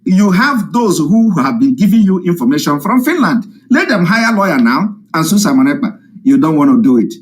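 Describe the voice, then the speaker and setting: This activist's voice runs on the high side, very animated and fairly quick with hardly any pauses, as he streams live from home. He mocks and combats in a heated, repetitive monologue aimed at his followers.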